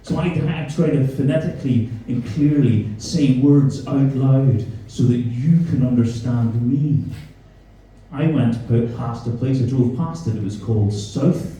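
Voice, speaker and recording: On a comedy club stage before a live audience, a Belfast man with a Belfast accent from Northern Ireland does stand-up full of crude, mocking banter at the crowd. His mid-range voice is measured and dark-toned, heard from a distance in a very echoey room.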